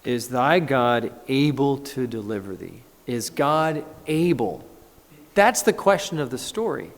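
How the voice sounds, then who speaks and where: Animated preacher in an echoing church. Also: male voice, mid-range voice, measured pace. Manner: animated, conversational, acts out scripture. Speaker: pastor. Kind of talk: sermon. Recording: echoey church hall.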